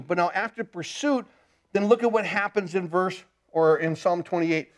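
High-voiced man preaching an earnest sermon. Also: fairly even intonation, normal speed. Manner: earnest preaching, repeats words, rises and drops in intensity. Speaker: pastor.

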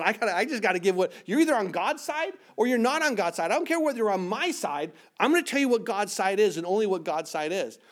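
A man preaching a sermon as pastor, reading scripture aloud and rising for emphasis, with frequent restarts and repeated words. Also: sits high. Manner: stumbles and repeats words when searching.

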